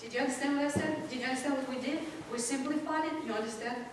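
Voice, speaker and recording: A woman's voice: high-pitched, rapid-fire, background noise. A woman piano teacher coaching a student in a masterclass, encouraging and laughing often, exaggerating to make her point. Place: recital hall with piano. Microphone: distant room mic. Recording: echoey hall from far off. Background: piano playing.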